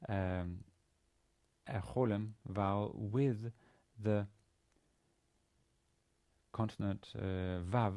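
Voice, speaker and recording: Man, lecturer, low pitch, warm tone, hesitant, many ums and restarts. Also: steady tone, smooth. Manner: halting, with many fillers and restarts. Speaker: university lecturer. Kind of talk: recorded language lesson.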